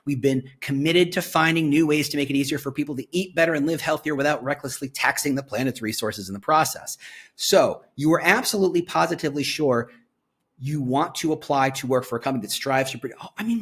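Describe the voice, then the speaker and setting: A man reviewing a company's career website on screen, reading its copy aloud and reacting with excited commentary. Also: a little high, slightly rough. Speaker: employer branding commentator.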